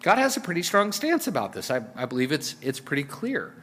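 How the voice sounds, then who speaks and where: A man's voice: on the high side, very animated, fairly quick, a bit bright, husky, long reverb tail. A male pastor preaching a sermon in a casual, conversational way, with fillers and repeated words.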